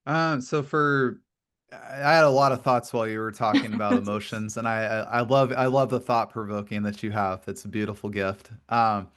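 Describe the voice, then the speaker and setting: A man's voice: lowish voice, fairly even intonation, fairly quick, fairly bright tone, smooth. A male podcast host in a conversational interview, explaining earnestly at length and often repeating words. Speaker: podcast host and grief coach.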